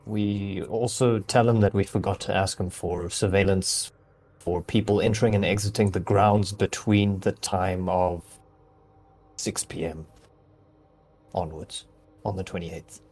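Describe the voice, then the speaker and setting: A man's voice: low-pitched, fairly even intonation, a little slow, a little mellow. A man chatting casually as a player in a tabletop role-playing game, playful and joking.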